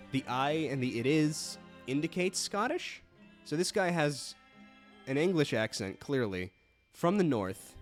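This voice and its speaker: A man giving casual, self-deprecating commentary while playing a video game and reading its text aloud. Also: mid-range voice. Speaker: let's play host.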